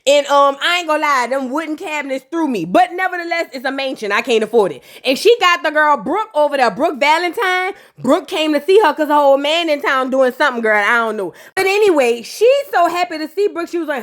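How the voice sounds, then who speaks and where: A woman with a bright, high voice runs through a reality TV episode in a loose, comedic recap. She is sassy and chatty, slipping into the voices of the people she quotes as she tells it. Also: animated, a little fast, few pauses. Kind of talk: casual comedic recap commentary.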